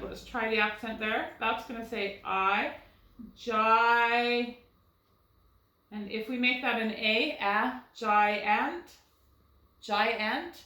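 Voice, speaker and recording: A woman leads young students through a recorded first grade phonics lesson, patiently working through words syllable by syllable and guiding them with rhetorical questions. Her voice is on the high side, bright and forceful, in a roomy, low-quality recording.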